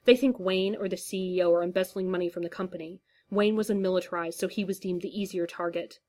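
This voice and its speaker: A woman's voice: lowish voice, steady tone, fast, a little mellow, natural voice. A woman voicing a wary adult man who speaks tersely, reading a story. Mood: explaining. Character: wary, tough adult man under pressure.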